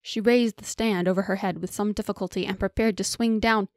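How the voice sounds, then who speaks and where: A woman narrating a fantasy audiobook with steady storytelling on a close mic. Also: mid-range voice, fairly quick, no echo. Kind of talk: scripted narration.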